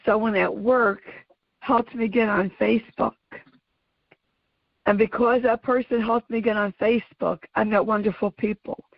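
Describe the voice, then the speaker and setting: A woman hosting her own audio show, giving an earnest, emphatic motivational talk in a slow, deliberate way. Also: medium pitch, gravelly, no echo. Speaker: podcast host. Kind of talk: motivational monologue. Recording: dull lo-fi audio.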